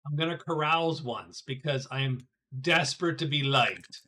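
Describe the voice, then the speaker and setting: A middle-aged streamer talks through a solo board game with his viewers at a moderate pace, his slightly high voice bright and forceful. He thinks out loud casually, frequently tripping up and repeating words.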